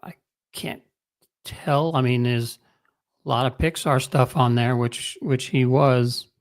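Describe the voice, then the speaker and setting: Co-host, male, mid-pitched voice, relaxed and hesitant delivery. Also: takes it slowly. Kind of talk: casual chat on a livestream.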